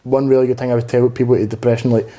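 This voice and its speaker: A man's voice: medium pitch, flat delivery, racing, mellow. A man in his twenties, a stand-up comedian guesting on a podcast, talking candidly and earnestly in a rambling, unpolished way with frequent swearing. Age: 20s. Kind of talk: candid conversational interview.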